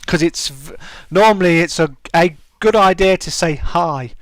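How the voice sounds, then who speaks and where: A man's voice: fairly high pitch, unhurried, dry recording. A British man hosting a live stream, chatting casually and answering viewers' comments. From United Kingdom.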